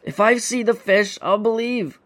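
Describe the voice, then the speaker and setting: A man's voice: high voice, a little slow, a bit bright, voice pushed up. A man voicing a frightened young man calling urgently to his father across the ice.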